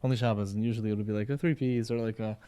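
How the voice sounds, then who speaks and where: Fast-talking man with a dark, smooth voice. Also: lowish voice, steady tone. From Sephardi background. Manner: rambling, repeats words, frequent "right?" and "you know". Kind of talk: casual podcast conversation.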